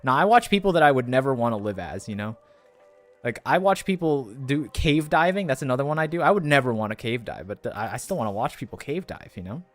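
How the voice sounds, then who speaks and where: A man's voice: medium pitch, lively intonation, fast, dry recording, soft background music. A man streaming a game for the first time, chatting casually and rambling with a self-deprecating humor. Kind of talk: casual commentary while gaming.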